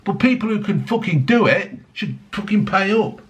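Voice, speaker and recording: A man's voice: sits high, expressive, moderate pace. A man ranting angrily on his vlog, swearing heavily, mocking people and piling on tag questions. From United Kingdom. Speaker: vlogger. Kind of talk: angry political rant.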